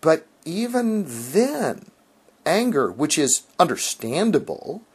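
A man's voice: fairly high pitch, very animated, slow, slightly rough. A man, a Christian author, explaining theology in an earnest, emphatic conversational way, with frequent restarts.

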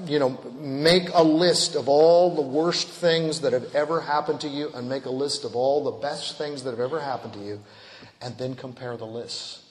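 A man preaching a sermon, slow and deliberate, rising to emphatic swells and trailing off into quiet endings. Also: fairly high pitch. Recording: long hall reverb.

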